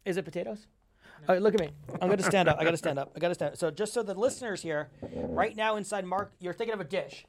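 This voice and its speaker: A man chatting as a guest, telling his own stories at a quick, animated, self-promoting pace. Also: high voice. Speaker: foodie magician guest. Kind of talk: casual chat.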